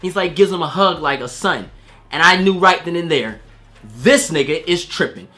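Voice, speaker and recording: A man's voice: fairly high pitch, expressive, moderate pace, bright, forceful tone, faint music behind. A man giving a casual spoiler movie review, slangy and profane, acting out quoted voices.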